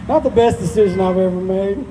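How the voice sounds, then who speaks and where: At a live benefit, a man in his forties from rural Georgia, speaking in a Southern drawl, performs crude stand-up at his own expense. His voice sits high at a moderate pace, and the reverberant hall recording is noisy.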